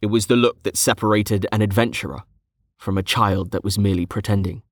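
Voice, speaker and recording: A man narrating a fantasy story in a steady, scripted storytelling manner. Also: on the low side, a little fast, dry recording, clean studio sound. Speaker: audiobook narrator.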